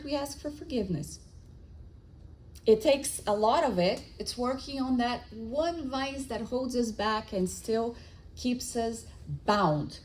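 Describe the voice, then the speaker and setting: Animated woman giving a spiritual lecture. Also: on the high side, rough recording. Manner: animated storytelling with acted-out dialogue; frequent restarts and fillers.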